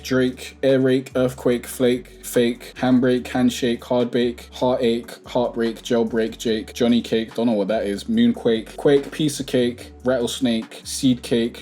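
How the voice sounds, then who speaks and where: Male rap tutor, laid-back and chatty, warm low-key voice. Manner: chatty, reads word lists aloud rapidly, tags lines with "innit". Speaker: music producer and rap songwriting tutor. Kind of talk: casual tutorial with sponsor plug.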